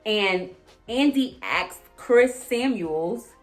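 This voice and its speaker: A woman's voice: on the high side, extremely slow, soft background music. A young woman with ranting casually and profanely while recapping a reality show. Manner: animated, profane, emphatic, repeats herself. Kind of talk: casual reaction rant.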